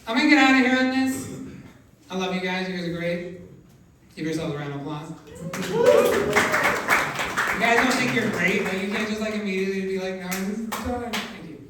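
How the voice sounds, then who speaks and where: A middle-aged man doing a stand-up set, rambling through fillers and bursting into loud outbursts, with a voice people on the phone take for a woman's. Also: sits high, a little fast, long pauses. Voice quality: voice often taken for a woman's on the phone. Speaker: stand-up comedian. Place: comedy club stage. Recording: echoey club, distant mic, noisy.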